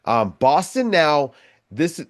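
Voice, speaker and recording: A man's voice: fairly high pitch, sing-song, slow, no echo, clean studio sound. A man co-hosting a sports podcast, talking in a laid-back, hesitant way with lots of fillers. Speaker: podcast co-host. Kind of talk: casual sports chat.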